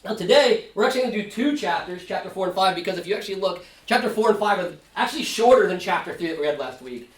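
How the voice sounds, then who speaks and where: A man's voice: high-pitched, expressive, fast, few pauses. A male pastor leading a Sunday school Bible study, talking conversationally with many fillers and acting out quoted lines. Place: church room. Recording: roomy echo, far from mic.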